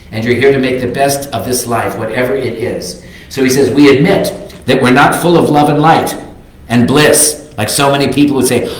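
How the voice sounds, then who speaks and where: An older man giving a reflective, earnest sermon as a minister, reading quotes aloud. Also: medium pitch. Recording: very echoey sanctuary.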